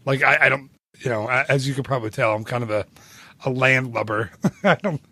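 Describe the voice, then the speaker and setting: Excited podcast guy rambling on, super dry close audio. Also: mid-range voice, fairly quick, no echo. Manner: enthusiastic, rambling, laughs often. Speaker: podcast co-host. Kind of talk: casual chat.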